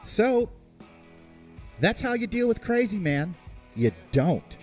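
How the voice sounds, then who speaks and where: A man hosting a podcast, telling a comic story in an animated, sarcastic way and swearing freely. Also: high-pitched, slow pace, pauses often, soft background music. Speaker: podcast host.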